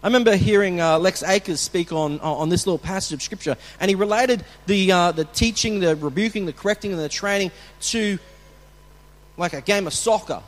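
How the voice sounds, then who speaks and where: Male pastor, sermon, chatty with restarts, high voice, echoing church hall. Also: fairly quick. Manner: conversational, with restarts and acted coach shouts. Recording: long hall reverb.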